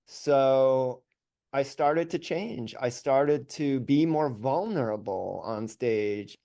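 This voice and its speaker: Candid storytelling man on a podcast. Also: medium pitch. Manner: candid, animated, self-deprecating. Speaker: musician guest. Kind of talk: casual storytelling interview.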